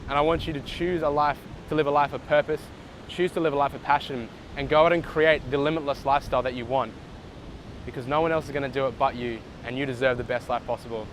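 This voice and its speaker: A man's voice: mid-range voice, fairly even intonation, fast, poor audio. Earnest, encouraging male motivational speaker, recorded outdoors with faint traffic behind. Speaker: motivational vlogger. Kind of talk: motivational storytelling. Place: outdoors in the sun near water.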